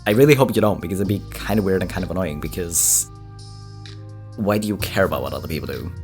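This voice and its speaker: A host giving casual commentary on reaction clips, rambling with many filler words. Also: male voice, deep voice, fast talker, darkish tone, faint music behind.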